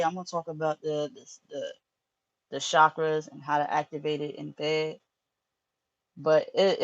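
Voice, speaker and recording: A woman's voice: fairly low pitch, lo-fi sound. A woman hosting a live tarot stream, chatting casually with viewers in a frank, profane way, often laughing.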